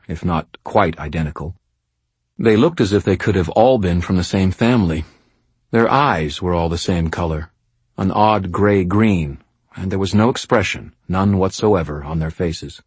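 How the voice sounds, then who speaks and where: Male audiobook narrator, very low, husky, wry first-person read, dry studio sound. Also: normal speed, darkish tone, no echo.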